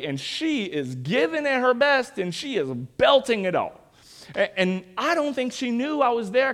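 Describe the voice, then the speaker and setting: High, animated young male pastor. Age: 20s. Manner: conversational storytelling, asks the congregation questions. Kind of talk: sermon.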